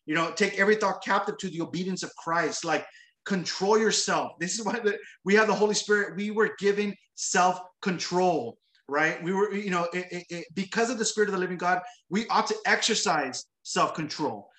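A man's voice: high-pitched, moderate pace, a bit bright. A man preaching a sermon after reading scripture aloud, talking conversationally, repeating words and often adding tag questions. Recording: roomy echo.

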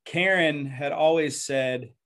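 A man's voice: on the high side, slow pace, a bit bright. Earnest man pastor telling his story. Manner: earnest, reflective, often repeats words as he talks. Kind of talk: personal storytelling interview.

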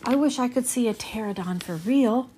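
A woman reading aloud and voicing a cautious, worried young boy who speaks in a hushed, hesitant way. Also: fairly high pitch, normal speed, breathy edge.

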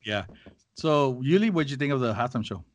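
A man's voice: mid-range voice, expressive, fairly quick, dry recording. A man co-hosting a casual podcast with friends, joking crudely and laughing often. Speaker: podcast co-host. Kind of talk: casual chat among friends.

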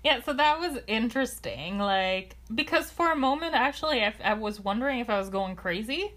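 A woman's voice: fairly high pitch, lively intonation, brisk, a bit bright. A woman co-hosting a podcast in casual chat, rambling and hesitant as she works out her thoughts. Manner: rambling, hesitant, fillers and restarts. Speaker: podcast co-host.

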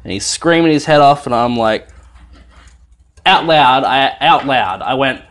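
A young man tells a family tale while cooking at home, his voice swooping widely through its range. He laughs often and swears freely in an easy, animated way. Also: mid-range voice, unhurried. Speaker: dad telling a family story. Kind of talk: animated casual storytelling.

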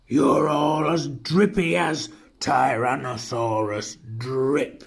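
A storyteller voicing a gruff, dismissive tyrannosaurus father in a storybook read-aloud. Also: medium pitch, steady tone, slow pace, voice pushed down. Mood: scoffing.

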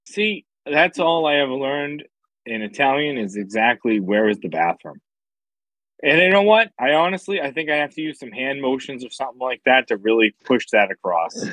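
A man co-hosting a casual podcast chat, joking around in a lively way. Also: a little fast, dry recording, rough recording. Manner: lively, jokey, swoops in pitch. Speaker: podcast co-host.

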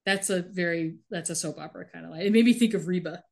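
A woman's voice: fairly low pitch, quick pace, creaky, darkish tone. Wry woman recapping a show. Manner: wry, sarcastic, reads out lines with light voices. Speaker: podcast co-host recapping a TV show. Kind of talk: casual chat recap.

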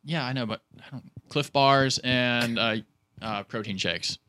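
A man's voice: medium pitch, unhurried, sharp tone, a little hiss or hum. A man answering quiz questions as a guest on a casual podcast, joking and easygoing.

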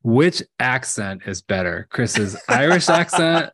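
A man co-hosting a faith podcast, chatting casually with frequent laughs and leading a halting spontaneous prayer. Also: mid-range voice, husky, no echo. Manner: relaxed, laughs often, halting restarts. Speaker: podcast co-host.

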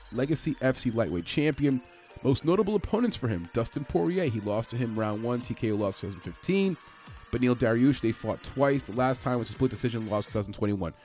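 A man's voice: mid-range voice, darkish tone. Man breaking down a fight. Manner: conversational, many fillers and restarts. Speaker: MMA fight analyst.

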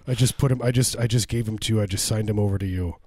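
A man's voice: fairly low pitch, a little fast, dark tone, dry recording. A man in his thirties casually chatting and telling funny stories about his son, acting out quoted lines in a raised voice. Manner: jokey storyteller, acts out quotes in a raised voice. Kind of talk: casual comedic chat.

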